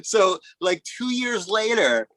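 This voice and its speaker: A man, a musician guest, casually telling animated anecdotes and acting out the voices of people in them. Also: high voice, slow, no room sound, low-quality recording. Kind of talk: casual storytelling chat.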